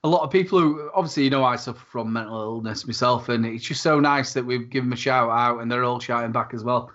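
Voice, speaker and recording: A man's voice: medium pitch, fast, fairly bright tone. A man, a guest on a livestream, chatting in a chummy, rambling way. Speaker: guest streamer. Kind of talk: casual chat. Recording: dull lo-fi stream audio.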